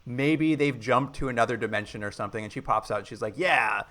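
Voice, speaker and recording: A man co-hosting a podcast, casually recapping a movie and acting out quoted lines with lively energy. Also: medium pitch, quick pace. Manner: animated retelling, acts out quoted lines. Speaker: podcast co-host.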